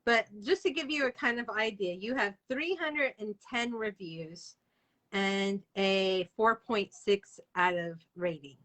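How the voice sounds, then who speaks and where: Middle-aged woman, host of an online author chat, gushing and talkative, bright tone. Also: medium pitch, slow, low-quality recording. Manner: chatty and gushing, laughs and tears up in sympathy. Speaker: interviewer. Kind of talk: casual interview chat.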